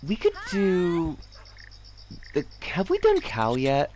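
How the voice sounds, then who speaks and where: An American woman in her forties chatting casually on a game stream, animated and giggly with sudden excited squeals. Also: on the low side, slow, slight background noise. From United States. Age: 40s. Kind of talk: casual livestream chat while gaming. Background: game music.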